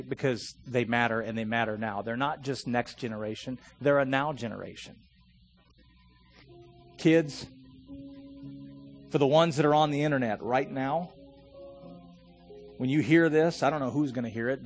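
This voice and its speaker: Rousing male pastor preaching. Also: mid-range voice. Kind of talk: sermon.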